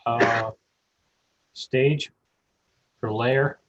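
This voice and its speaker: A man's voice: mid-range voice, steady tone, extremely slow. A man asking a hesitant question as a student in an online class. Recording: dull lo-fi audio.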